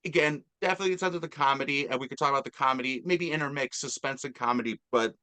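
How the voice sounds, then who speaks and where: A man's voice: medium pitch, rapid-fire, sharp tone. A man hosting a casual movie review chat, talking enthusiastically and rambling with fillers. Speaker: podcast host.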